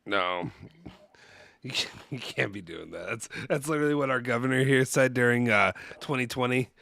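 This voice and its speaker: Rambling man with a gravelly voice. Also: medium pitch, moderate pace, sharp tone, no room sound. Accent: Kentucky. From Louisville, Kentucky. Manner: rambling, many fillers and restarts, goes off on tangents. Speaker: podcast co-host. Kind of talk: casual football chat. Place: home basement studio.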